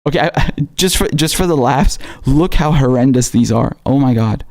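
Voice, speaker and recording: A raspy-voiced man with a dark, mellow tone hosts a casual live stream. He talks in a loose, slangy way, stopping and restarting as he reads viewer messages aloud. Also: mid-range voice, lively intonation, moderate pace. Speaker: livestream host.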